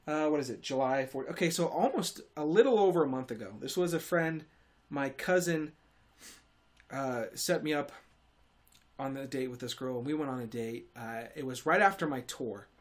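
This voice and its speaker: A man's voice: medium pitch, expressive, normal speed. A young man hosting a podcast, rambling through a comedic monologue with sarcastic, self-deprecating asides and frequent restarts. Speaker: podcast host.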